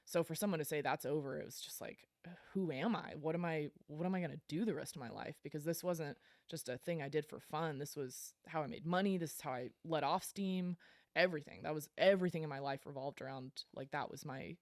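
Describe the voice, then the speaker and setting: A woman's voice: low-pitched, fairly quick, dry recording. Frank woman telling her story, dry sound. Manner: blunt and frank, swears casually, laughs between lines. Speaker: podcast guest. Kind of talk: candid storytelling interview.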